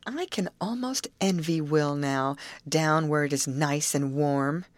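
A kind, sensible teenage girl from an old storybook, speaking softly and consolingly in a low voice, as a woman narrator reads her. The sound is dry and close. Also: takes it slowly, no room sound. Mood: gentle.

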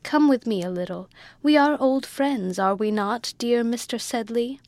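A woman's voice: a little high, a little slow, a little mellow, no room sound. A woman reading the part of a sad, coaxing woman who speaks with a put-on French-tinged accent. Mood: wistful, coaxing. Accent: French-tinged English, put on. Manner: wistful, coaxing.

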